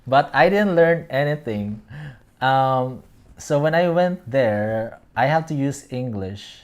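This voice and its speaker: A man's voice: mid-range voice, lively intonation, slow, clean tone. A man hosting a casual fan commentary show, reading out posts and rambling, often stopping to search for words. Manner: meandering, searching for words aloud. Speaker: host.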